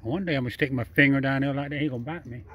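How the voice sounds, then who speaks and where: A vlogger feeding a wild raccoon outdoors at night talks in a rapid-fire, mid-range voice that's a bit bright and husky. Chatting to the camera and the animal, he coaxes it, chuckles, repeats phrases, and uses nonstandard speech.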